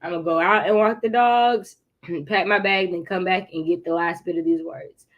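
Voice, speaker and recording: A woman hosting a casual writing livestream, chatty and encouraging as she reads viewers' comments and clears her throat now and then. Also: fairly low pitch, fairly even intonation, moderate pace, lo-fi sound. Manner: occasional throat clearing and coughs. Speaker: livestream host.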